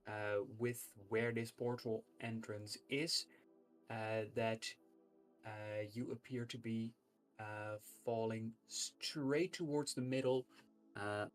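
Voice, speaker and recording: Slow, halting game master. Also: medium pitch. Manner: slow and halting, with many "uh" pauses. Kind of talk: narrating a tabletop game on a livestream.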